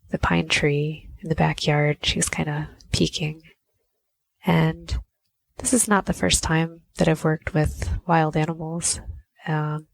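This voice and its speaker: Low gravelly woman telling a story. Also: no room sound. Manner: conversational, frequent "you know" fillers. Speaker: podcast host. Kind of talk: personal storytelling.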